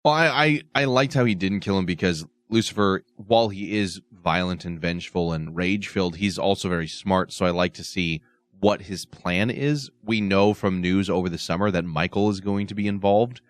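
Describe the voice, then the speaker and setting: Low-voiced male podcast host. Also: moderate pace, hardly any pauses, dry recording. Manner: analytical, swears freely. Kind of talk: casual chat.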